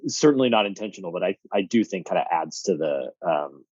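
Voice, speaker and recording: A man appearing as a podcast guest, chatting in a relaxed, thoughtful way with hesitations. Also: deep voice, a little fast, no echo, lo-fi sound. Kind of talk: casual chat.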